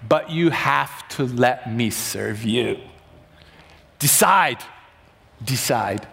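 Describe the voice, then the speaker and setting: A man's voice: mid-range voice, expressive, drawn-out words, vocal fry, a bit bright, pitched below the performer's own voice, exaggerated voice. A male preacher voicing Jesus as an insistent, pleading teacher. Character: Jesus, a man urging, gentle yet insistent.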